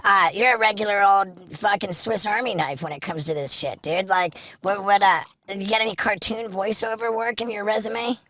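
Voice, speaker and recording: A man's voice: sits high, fairly even intonation, moderate pace, hardly any pauses, sharp tone, no room sound. A man hosting a casual podcast, brash and joking, swearing freely. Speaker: podcast host.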